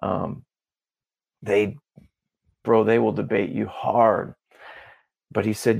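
A man as a podcast guest, telling a story in a casual, animated way and acting out the dialogue. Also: lowish voice, slow pace, creaky, long pauses, slightly rough. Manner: animated, acts out dialogue, peppers talk with "bro" and "dude".

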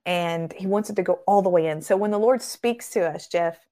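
On a faith podcast, a guest who founded a ministry talks in a mellow, lowish voice at a moderate pace. Her delivery is earnest and sermon-like, built on repeated phrases, and she acts out quoted voices by raising her tone.

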